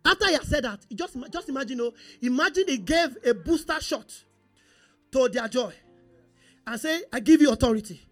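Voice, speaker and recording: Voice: sits high, normal speed, faint music behind. A pastor preaching a sermon, repeating phrases and calling on the congregation to respond. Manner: animated, repetitive call-and-response preaching.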